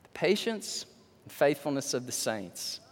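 A man preaching a sermon and telling a story, animated, swinging from loud to hushed, in a church sanctuary. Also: medium pitch, a little slow. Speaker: pastor. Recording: long hall reverb.

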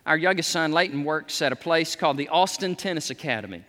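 A man's voice: on the high side, expressive, quick pace. A man, preaching a sermon with emphatic peaks on key words. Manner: emphatic, rising to near shouts on key words. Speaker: pastor. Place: church sanctuary. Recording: long reverb of a large hall.

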